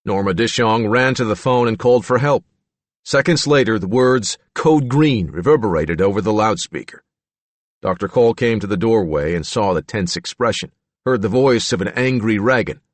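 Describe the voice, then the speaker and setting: A man narrating a true-crime audiobook in a measured storytelling manner. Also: lowish voice, dry recording. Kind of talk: scripted narration.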